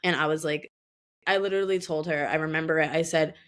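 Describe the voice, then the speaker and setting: A woman's voice: low voice, fairly even intonation, quick pace. A woman in her twenties chatting animatedly as a podcast guest, full of fillers and laughter. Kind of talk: casual chat.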